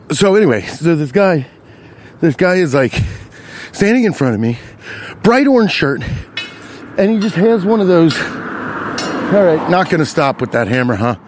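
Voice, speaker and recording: A young man on a city street rants into his podcast about a stranger. His voice sits a little high and leaps around with lively swings. He is casual, profane and animated. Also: a little slow, pauses often, slight background noise. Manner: animated, profane, riffs on his own story. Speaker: podcast host. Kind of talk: casual storytelling rant.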